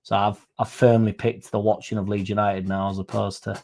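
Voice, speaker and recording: A man's voice: fairly low pitch, level tone, fairly quick, vocal fry, darkish tone. A young man with a Yorkshire accent hosting a casual livestream podcast, rambling and swearing freely as he reads out chat messages. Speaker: podcast host.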